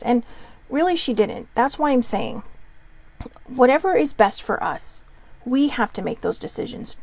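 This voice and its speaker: A woman's voice: fairly high pitch, vocal fry, darkish tone, no echo. A woman hosting her own talk show, speaking earnestly and from the heart about mental health, holding back tears. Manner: earnest and heartfelt, tender at times. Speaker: host. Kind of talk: personal vlog monologue.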